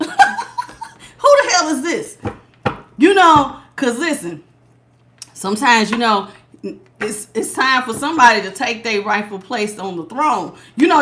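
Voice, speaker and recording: A middle-aged woman giving a casual tarot reading to her viewers, animated and laughing, calling them honey and baby. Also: a little high, a little hiss or hum. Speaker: tarot reader.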